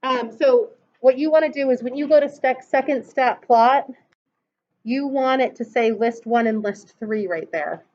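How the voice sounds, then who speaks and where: A woman's voice: a little high, a little slow, warm tone. A woman teaching a math class, patiently walking through calculator steps and asking students questions. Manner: patient, explains step by step and asks the class questions. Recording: dull lo-fi classroom recording.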